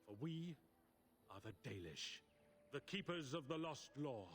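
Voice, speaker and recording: Aged elf clan elder, game role, measured and solemn, formal speech. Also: male voice, mid-range voice, sing-song, slight background noise. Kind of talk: video game voice acting.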